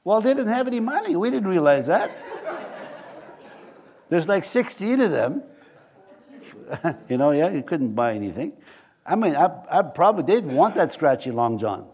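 A middle-aged man preaches in a slightly higher register than most men. He rambles through homely stories and jokes, laughing at his own asides. He speaks to a congregation in a church. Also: sing-song, normal speed, pauses often, a little mellow. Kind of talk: conversational sermon.

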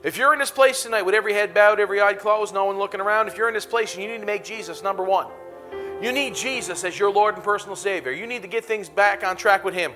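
Pastor guy with a high bright voice, laughing a lot, hyping up the church, faint music behind. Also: fast talker. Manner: laughs often, exuberant, calls out to the congregation. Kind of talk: sermon and altar call. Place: church auditorium.

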